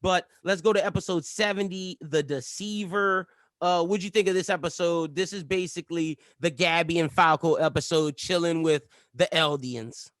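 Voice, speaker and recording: A man's voice: a little high, fairly even intonation, normal speed, fairly bright tone, no room sound, clean studio sound. A man co-hosting a podcast in casual chat, leading the rundown of episodes and laughing often. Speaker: podcast co-host.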